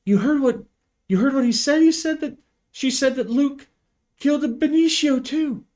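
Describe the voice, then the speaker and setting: A man's voice: mid-range voice, measured pace, natural voice. A man voicing a desperate crewman who calls urgently over a radio. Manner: urgent, shouting.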